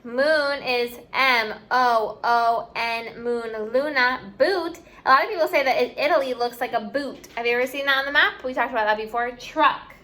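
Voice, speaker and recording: A woman's voice: fairly high pitch, normal speed, hardly any pauses, pushed and bright. A woman teaching a class, spelling words out letter by letter and mixing in Spanish words. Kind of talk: online class lesson.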